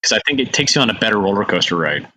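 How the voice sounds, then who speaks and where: A man telling lively stories as a guest in an interview, acting out the voices of people in his tales. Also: lowish voice, very fast. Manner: animated storyteller, acts out voices in quotes. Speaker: guest, horror actor. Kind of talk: casual storytelling in an interview.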